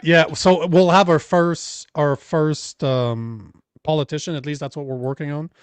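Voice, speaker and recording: A man's voice: a little high, fairly even intonation, measured pace, smooth, no echo. A man with a French accent co-hosting a political talk show, blunt and swearing freely as he reads viewer comments. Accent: French Canadian. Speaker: podcast co-host. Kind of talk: casual political chat.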